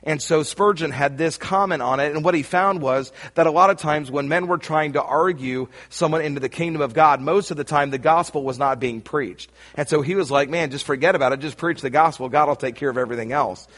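A man preaching a sermon, emphatic and rising to shouts on key lines, speaking straight to his listeners. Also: fairly high pitch, brisk, few pauses. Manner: addresses listeners directly.

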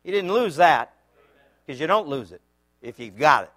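A man preaching a sermon, telling a comic story with acted-out shouts before turning to scripture. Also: a little high, normal speed. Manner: animated, acts out shouting voices in his story.

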